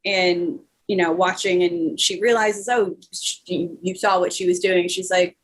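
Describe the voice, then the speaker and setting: A woman narrating as game master in a tabletop game, relaxed and hesitant, with many fillers. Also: on the low side, measured pace, breathy edge.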